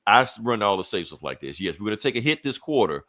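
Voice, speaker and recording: A man co-hosting a podcast, recapping a comic book in a rambling, profane way and slipping into quick voices for the characters. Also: lowish voice, big pitch swings, fairly bright tone, no room sound.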